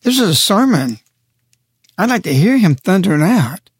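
Forceful preaching man on talk radio. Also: high voice, sing-song, moderate pace, slightly rough, no echo, clean studio sound. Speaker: radio show guest speaker. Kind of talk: impassioned radio commentary.

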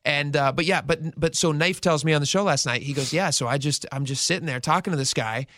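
Male radio host, animated storyteller, slightly high voice, dry booth sound. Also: brisk, dry recording. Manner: animated storytelling, retells quotes in character. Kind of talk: casual radio talk.

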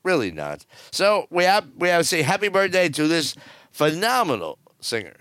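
A man's voice: fairly high pitch, wildly swooping pitch, moderate pace, a bit bright, clear, resonant tone, dry recording, studio quality. Blunt, rambling older male news host. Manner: blunt, rambling and jokey, with many fillers. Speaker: cruise news show host. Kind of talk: casual news commentary.

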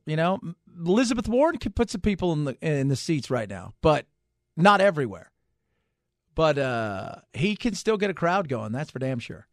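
A male talk radio host with a high, wildly lively voice, joking and repeating phrases as he banters. The studio sound is dry and close. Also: gravelly, dry recording. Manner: animated, repetitive, jokey.

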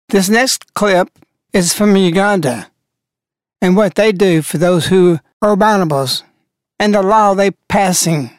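Slow, preachy woman host. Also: mid-range voice, no echo, clean studio sound. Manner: preachy, scolding, emphatic. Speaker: broadcast host. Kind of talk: religious radio commentary.

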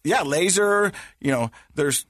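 A man in his forties hosting a casual podcast chat, telling stories with a lively, laughing manner. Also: a little high, slow, no echo, clean studio sound. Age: 40s. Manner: animated storytelling, laughs often. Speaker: podcast host.

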